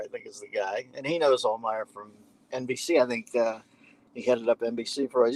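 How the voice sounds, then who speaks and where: A man of medium pitch, talking at a moderate pace, is a podcast guest spinning a long anecdote in casual conversation. He's animated, acts out what other people said, and throws in profane, wisecracking asides. The audio has no echo but is rough.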